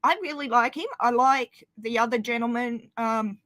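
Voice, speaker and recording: A woman calls in to a livestream and chats casually. Her voice is slightly high, she hesitates often with fillers, and the sound is dry. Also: steady tone, moderate pace, a bit bright, no echo. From Australia. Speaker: caller on a livestream. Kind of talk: casual chat.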